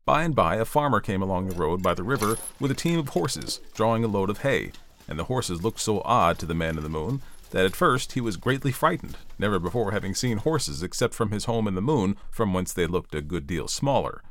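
A man reading a storybook aloud, expressive and playful, with chatty asides to the listener. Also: fairly low pitch, a little fast.

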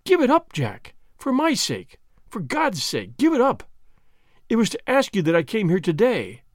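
A man's voice: high voice, sing-song, brisk, darkish tone, no echo, clean studio sound. A man voicing an anxious, pleading nineteen-year-old woman in an audiobook reading, speaking emotionally and imploringly.

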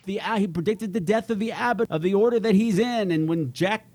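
A man's voice: high-pitched, a little fast, a little mellow. A man co-hosting a podcast, wryly retelling and joking about a TV show. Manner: wry, jokey storytelling. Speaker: podcast co-host. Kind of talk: casual chat recapping a TV show.

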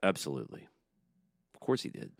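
A man co-hosting a comedy podcast, wisecracking in a deadpan way. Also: brisk, dry recording, clean studio sound. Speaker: podcast co-host. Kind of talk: casual comedic chat.

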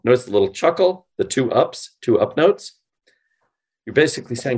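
A man being interviewed on a podcast, explaining with animated, demonstrative delivery and acting out example phone lines. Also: medium pitch, normal speed, slightly rough. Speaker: guest, sales company CEO.

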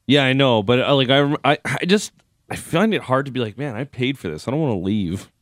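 A man co-hosts a casual sports radio show, rambling through stories and poking fun at himself. His pitch sits in the middle but moves a lot. The mic is close and dry. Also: lively intonation, a little fast, no echo. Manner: rambling, laughing, self-deprecating. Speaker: radio co-host.

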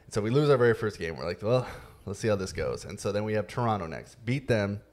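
A man hosting a podcast, telling a story in a relaxed, casual way with many fillers. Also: lowish voice, fast talker. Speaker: podcast host. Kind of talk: casual chat.

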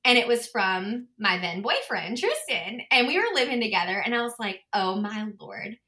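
Bright-voiced chatty woman. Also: a little high, very animated, moderate pace. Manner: chatty storyteller, many "like" fillers, laughs easily. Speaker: guest, wedding planner. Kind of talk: casual podcast interview.

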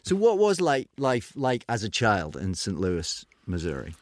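A Scottish man hosts a relaxed podcast chat, his lowish voice moving through a wide, animated melody. He asks curious questions and laughs readily. The recording is close and dry. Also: unhurried, dry recording. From near Paisley, Scotland. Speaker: podcast host. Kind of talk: casual interview chat.

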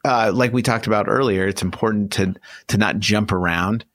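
A man's voice: on the low side, moderate pace, fairly bright tone, no room sound. A man co-hosting a casual podcast, giving emphatic advice and saying "dude" often. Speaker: podcast co-host. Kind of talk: casual chat.

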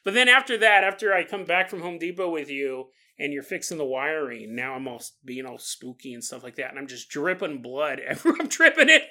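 Brief: bright-toned male podcast host, loose comedic storytelling, laughs a lot. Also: fairly high pitch, fairly quick, hardly any pauses. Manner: animated, joking, laughs often.

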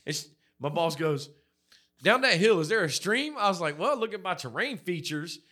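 Very animated and fairly quick, this slightly high-voiced man co-hosts a podcast full of crude work stories. He swears freely and performs his quotes loudly.

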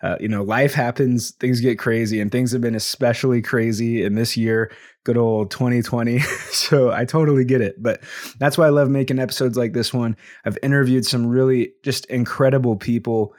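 A man's voice: medium pitch, steady tone, moderate pace, a little mellow, no room sound, studio quality. Upbeat chatty man hosting a podcast. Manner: upbeat, thankful, chatty with frequent fillers. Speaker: podcast host. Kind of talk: casual podcast monologue.

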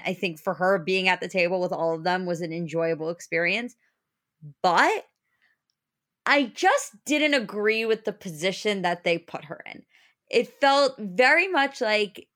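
A woman co-hosting a casual recap chat, earnest and opinionated, with a measured delivery. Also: medium pitch, sharp tone. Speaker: podcast co-host.

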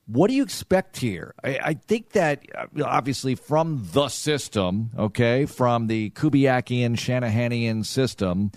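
A man's voice: medium pitch, expressive, measured pace, few pauses, a little mellow, no echo. A man co-hosting a sports radio show, chatting about the team and running a giveaway in a conversational way. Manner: conversational, runs promos and questions. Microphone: studio microphone.

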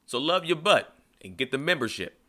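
Male host, ad read, bright forceful tone, upbeat sell. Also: on the high side, very animated, moderate pace. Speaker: podcast host reading an ad.

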